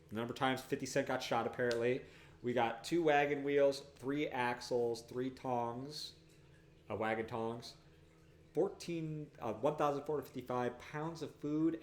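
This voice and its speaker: A man streaming and commenting on an old computer game, rambling and swearing, often bursting into loud excited outbursts. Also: medium pitch, slight background noise. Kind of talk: live-streamed gameplay commentary.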